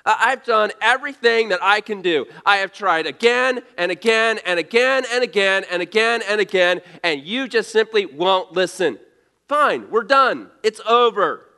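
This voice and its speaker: A man's voice: very high-pitched, unhurried, pushed and bright, voice pushed up, exaggerated voice. A male preacher voicing an exasperated male prophet leader who is fed up with his people, talking emphatically and repeating himself. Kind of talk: sermon.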